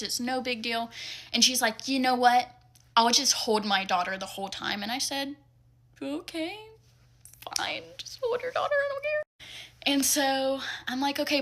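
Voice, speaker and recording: Bright exasperated young woman storyteller. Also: fairly high pitch. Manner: animated, exasperated retelling with mimicked dialogue. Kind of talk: casual storytime.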